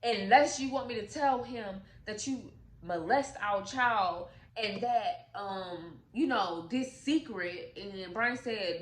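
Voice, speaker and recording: A woman telling a movie's story in a casual, animated, profane way, acting out the characters' lines. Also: medium pitch, slow. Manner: animated, profane, acts out quotes. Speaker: storytime vlogger. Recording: echoey room with faint noise.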